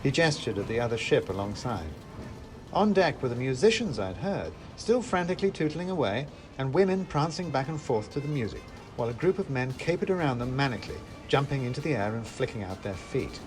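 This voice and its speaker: Man narrating storybook, wry, animated pitch, faint music behind. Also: a little fast.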